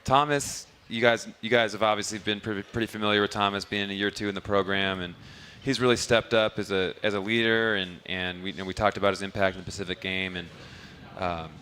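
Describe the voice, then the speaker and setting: A man's voice: fairly low pitch, pushed and bright, slight background noise. A man who coaches basketball, telling rambling stories in an easygoing way during a live interview at a restaurant bar. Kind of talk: casual interview answers.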